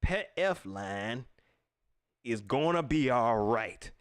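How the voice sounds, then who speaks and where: A man hosting a casual sports talk livestream, ranting at viewers in an animated way and laughing often. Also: mid-range voice, slow, clean tone. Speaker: sports talk show host.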